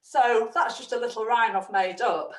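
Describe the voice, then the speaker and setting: A woman, a children's storyteller talking parents through her show in a chatty, animated way. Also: on the high side, normal speed. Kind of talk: explaining to parents. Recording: roomy, mic at a distance.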